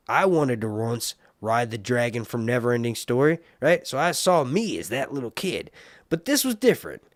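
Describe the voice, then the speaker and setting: A man's voice: mid-range voice, dry recording, studio quality. A man hosting a casual live stream, rambling and joking while he reads viewer comments. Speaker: live stream host reviewing a TV series.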